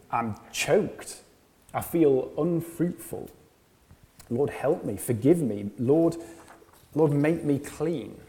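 A man's voice: fairly high pitch, in a large hall. A man preaching a sermon, earnest, often repeating phrases and asking rhetorical questions.

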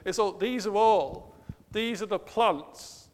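A man's voice: sits high, slow. Man preaching in a reverberant hall. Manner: earnest, self-questioning, asks the listeners rhetorical questions. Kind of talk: sermon.

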